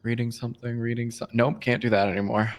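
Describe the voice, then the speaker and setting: A man's voice: medium pitch, level tone, fast. A man chatting casually during a game. He teases bluntly and swears without a second thought. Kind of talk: casual chat.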